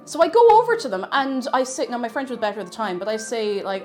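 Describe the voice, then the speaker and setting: A woman's voice: fairly high pitch, lively intonation, fast talker, a little mellow, soft background music. A woman telling self-mocking anecdotes in a casual live stream, with many fillers.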